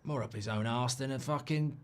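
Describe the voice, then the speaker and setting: A man doing an impression of a weary, swearing Australian football manager, in a low, mumbling put-on voice. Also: fairly quick, clean tone, lightly acted. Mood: gruff, weary.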